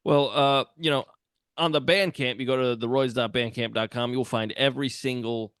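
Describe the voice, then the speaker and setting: A man's voice: medium pitch, fairly even intonation, normal speed, fairly bright tone, clean tone, dry recording. A man co-hosting a podcast in casual chat, dryly plugging where to find their songs. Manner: dry, plugging the show's music. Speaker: podcast co-host.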